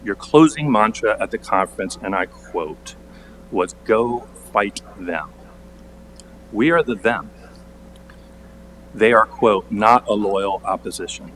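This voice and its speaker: A man with a very low voice reads a prepared statement at a council meeting. He stays pointed and sarcastic and leans hard on his key words. A faint hum runs under the recording. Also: slow pace, pauses often, poor audio. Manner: pointed, sarcastic, building to forceful emphasis. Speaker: borough council member.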